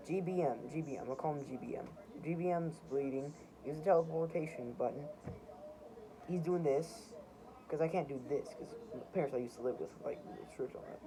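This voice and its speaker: A young man casually walking through his own comics, rambling and poking fun at them. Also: fairly high pitch. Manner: rambling, self-mocking, chuckling. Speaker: amateur comic artist. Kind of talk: casual show-and-tell narration. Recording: noisy home recording.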